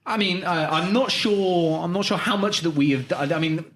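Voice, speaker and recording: High-voiced sarcastic male co-host. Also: normal speed, noisy background. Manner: dry, sarcastic asides. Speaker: podcast co-host. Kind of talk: casual comedic banter. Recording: roomy echo.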